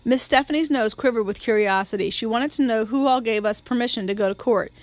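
A woman giving a steady, measured audiobook narration of a novel. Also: a little high, no echo. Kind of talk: scripted narration.

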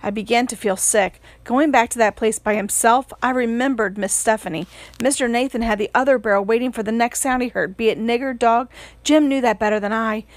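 A woman reading an audiobook in a steady, measured storytelling manner. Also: a little high, dry recording. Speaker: audiobook narrator.

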